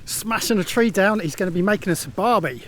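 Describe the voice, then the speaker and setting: A man doing a deliberately bad Australian accent as a hammy bush-documentary narrator. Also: sits high, a bit bright, slight background noise, pitched above the performer's own voice. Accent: Australian, put on badly. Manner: hammy, exaggerated documentary delivery. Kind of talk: jokey impression.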